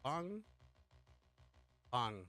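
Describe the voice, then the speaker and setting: High-voiced hyped streamer man. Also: sing-song, extremely slow, pushed and bright, clear, resonant tone, faint music behind. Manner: hyped, talks straight to chat with repeated slang call-outs. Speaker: livestream host. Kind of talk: casual live co-stream chat.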